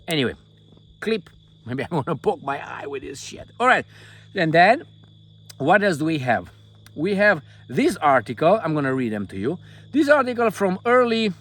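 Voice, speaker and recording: A man's voice: fairly high pitch, a bit bright. An older man vlogging from inside a tent, giving rambling political commentary in a profane, mocking, jokey way.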